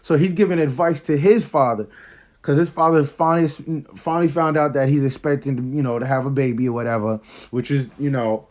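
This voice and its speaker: A man giving a casual, excited movie review, full of slang as he retells scenes. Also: medium pitch, a little fast.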